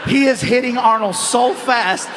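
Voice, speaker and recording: A man doing stand-up storytelling in an animated, excitable way, laughing along with his own story. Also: extremely high pitch, unhurried, in a large hall, some chatter behind, slight background noise. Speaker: stand-up comedian.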